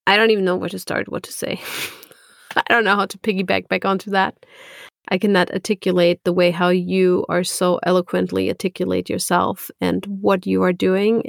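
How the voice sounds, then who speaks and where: Gravelly-voiced admiring woman host. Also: medium pitch, dry recording, studio quality. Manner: effusive, admiring, laughs often. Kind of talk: casual interview chat.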